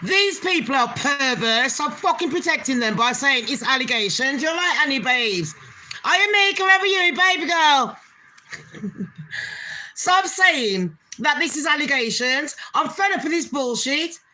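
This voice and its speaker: A woman's voice: high voice, animated, measured pace, pushed and bright. A woman hosting her own channel, ranting bluntly in casual commentary and swearing heavily with open scorn. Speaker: channel host.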